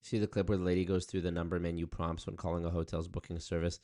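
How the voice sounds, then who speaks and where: A man's voice: sits low, level tone, fast, dark tone. A young man chatting loosely with his viewers on a stream, rambling and swearing. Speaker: streamer reacting to chat. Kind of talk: casual livestream chat.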